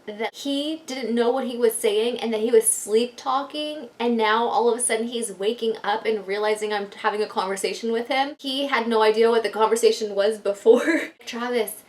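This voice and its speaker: A woman's voice: on the high side, moderate pace, few pauses. Chatty young woman telling a story. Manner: chatty, animated, swearing, many "like" fillers. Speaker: vlogger. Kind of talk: casual storytime. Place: bedroom.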